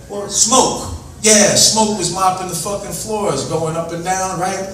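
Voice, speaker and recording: A man's voice: high voice, fairly even intonation, unhurried, fairly bright tone. A middle-aged man telling profane, rambling street stories to a live audience in a bar. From New York City. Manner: rambling, streetwise, heavy swearing. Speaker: spoken word performer. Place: bar venue. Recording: echoey bar from far off, noisy.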